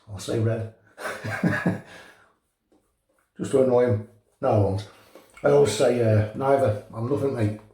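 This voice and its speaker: A man's voice: mid-range voice, warm tone. Chatty Liverpool man in an echoey room. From North West England. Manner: chatty, jokey storytelling with chuckles. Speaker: shaving channel host. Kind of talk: casual chat while shaving.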